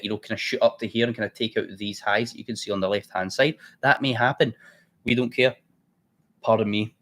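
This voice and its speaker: A man hosting a live trading stream, chatty and blunt, thinking aloud as he works. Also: medium pitch. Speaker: trading livestream host. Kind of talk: casual live trading commentary.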